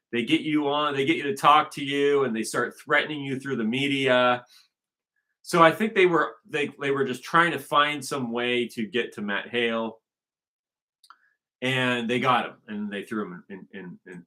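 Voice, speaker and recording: A man's voice: medium pitch, steady tone, moderate pace, bright, forceful tone. A man talking in a casual unscripted monologue, rambling and emphatic, often circling back to restate his point. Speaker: vlogger.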